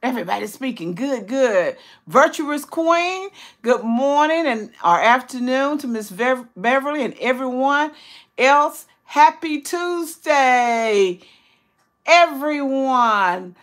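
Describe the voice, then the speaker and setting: An older woman hosting a casual cooking livestream, greeting viewers by name and reading their comments aloud. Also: slow pace. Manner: excited high squeals and laughter when greeting friends. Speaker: cooking channel host.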